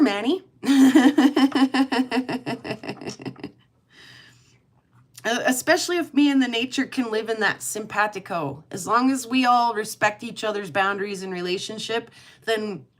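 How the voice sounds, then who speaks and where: A woman's voice: medium pitch, takes it slowly, pauses often. A middle-aged woman hosting a casual livestream chat, rambling and laughing often as she talks. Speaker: livestream host.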